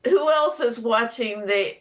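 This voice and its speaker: A woman's voice: a little high, measured pace. A woman in a casual panel chat, delivering dry, sardonic remarks.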